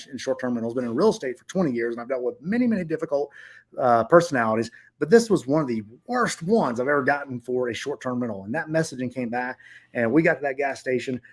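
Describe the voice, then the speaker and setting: A middle-aged man tells viewers a story about a difficult guest at one of his rentals. He speaks bluntly and swears often, and his voice sits at an everyday pitch. His delivery stays casual and heated. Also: a little mellow. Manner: blunt and profane, heated retelling. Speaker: short-term rental owner.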